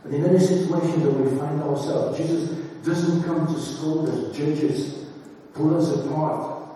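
A man's voice: fairly high pitch, steady tone, unhurried, dark tone, slight background noise. A man preaching a sermon to his church in a conversational way, with fillers and restarts. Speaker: pastor. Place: church hall. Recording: echoey hall from far off.

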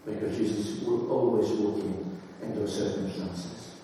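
A man's voice: fairly low pitch, steady tone, measured pace, mellow, a little hiss or hum. A man preaching a sermon to his church in a conversational way, with fillers and restarts. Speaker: pastor. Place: church hall. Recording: echoey hall from far off.

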